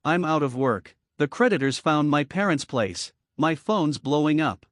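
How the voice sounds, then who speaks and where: A man's voice: on the high side, lively intonation, measured pace, fairly bright tone, no room sound, clean studio sound. A man voicing an enraged, broke young man who hurls insults at his lover in an audiobook story. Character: furious broke young man, a cheating fraud. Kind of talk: audiobook narration with character dialogue.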